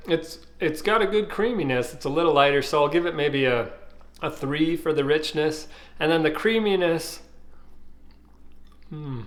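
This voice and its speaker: A man, casually reviewing ice pops and thinking aloud with fillers and pauses. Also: fairly high pitch. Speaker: food reviewer.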